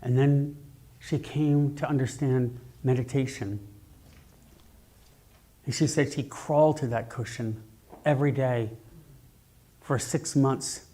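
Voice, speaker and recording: A man minister giving a sermon, telling stories in an animated, jokey way, speaking into a mic in a church sanctuary. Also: mid-range voice, takes it slowly, long pauses. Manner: animated, jokey storytelling preacher.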